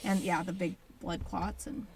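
A woman in her thirties co-hosting a casual chat, an animated storyteller with lots of "like.". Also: on the low side, a little slow, breathy edge. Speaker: podcast co-host.

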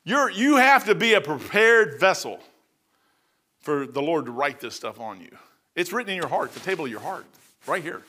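Animated folksy preacher, high bright voice. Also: male voice, moderate pace. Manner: animated storytelling, swings from loud to hushed; folksy, says "man" often. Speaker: pastor. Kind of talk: sermon. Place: church.

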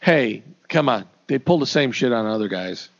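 A man's voice: mid-range voice, animated, normal speed, gravelly. A man co-hosting a podcast, talking about a film in a jokey way and stumbling over his words as he restarts. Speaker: podcast co-host. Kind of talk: casual movie review chat. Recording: dull lo-fi audio.

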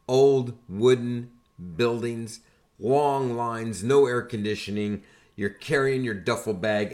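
An older man hosting a podcast, casually telling army stories in an animated, conversational way and building up to punchlines. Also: medium pitch. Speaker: podcast host and army veteran. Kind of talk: casual storytelling.

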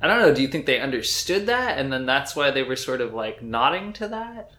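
A man co-hosting a podcast, chatting casually and rambling with lots of "like" and animated asides. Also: medium pitch, brisk. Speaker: podcast co-host. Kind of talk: casual chat.

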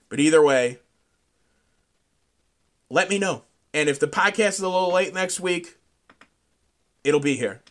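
A man hosting a solo podcast, telling a profane, rambling story that climbs into loud outbursts. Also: fairly high pitch. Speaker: podcast host.

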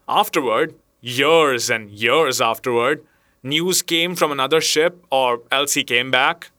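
A man reading a story aloud as narrator, in a measured storytelling manner. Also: medium pitch, pushed and bright, dry recording, clean studio sound. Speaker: audiobook narrator. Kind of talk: scripted narration.

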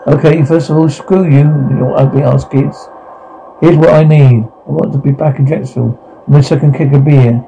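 Ash Williams, cocky crude hunter. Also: male voice, on the high side, fairly even intonation, normal speed, creaky, dark tone, highs cut off, slight background noise. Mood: mocking. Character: brash wisecracking middle-aged male demon hunter.

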